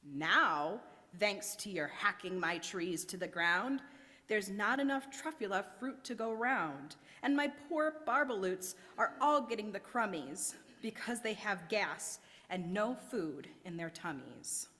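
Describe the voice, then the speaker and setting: A woman's voice: mid-range voice, animated, measured pace, bright, forceful tone, in a large hall. A woman voicing a small, grumpy male forest creature who scolds indignantly in a raised voice, read aloud from a storybook. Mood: scolding.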